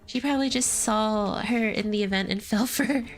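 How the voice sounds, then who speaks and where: A woman's voice: medium pitch, normal speed, soft background music. A woman streaming a game live, chatting casually, laughing often and reading dialogue aloud in playful voices. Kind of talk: live gameplay commentary.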